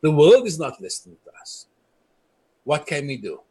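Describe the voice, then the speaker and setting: A man's voice: a little high, huge pitch swings, moderate pace, a little mellow, husky. A middle-aged man from South Africa, a community leader giving an impassioned speech, telling stories earnestly and quoting the people he met. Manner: earnest storytelling, quoting others.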